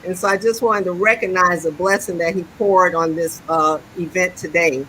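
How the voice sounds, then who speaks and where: A woman's voice: on the low side, fairly even intonation, a bit bright, a little hiss or hum, poor audio. A woman guest on a live stream speaking earnestly and steadily over a video call. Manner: earnest, measured, with some restarts. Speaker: guest, historical society president.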